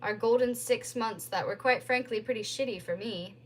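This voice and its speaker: A woman's voice: on the high side, normal speed, slight background noise, close to an everyday voice. A woman reading aloud, voicing a bitter young woman on the phone who is blunt and cutting.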